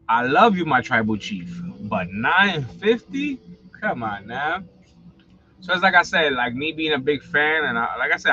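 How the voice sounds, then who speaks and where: A man's voice: medium pitch, bright, forceful tone, no echo, highs cut off. A man, hosting a casual livestream, rambling and blunt with lots of slang and swearing. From New York. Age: 40s. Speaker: livestream host.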